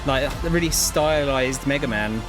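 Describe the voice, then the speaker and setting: A man's voice: medium pitch, moderate pace, low-quality recording. A man streaming his reactions to a games showcase, with blunt, sweary asides. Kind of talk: casual reaction commentary. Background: showcase music.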